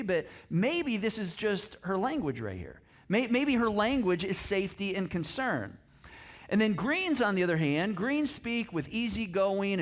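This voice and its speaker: A man preaching a sermon in a church, animated, acting out little voices and laughing often. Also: sits high. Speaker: pastor. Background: congregation.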